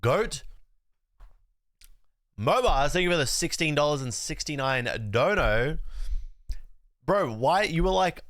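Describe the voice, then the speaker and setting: A man's voice: fairly high pitch, expressive, takes it slowly, long pauses, a bit bright, dry recording, clean studio sound. A man with a sick, nasal, congested voice, chatting loosely as a livestream host and joking with his chat. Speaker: streamer.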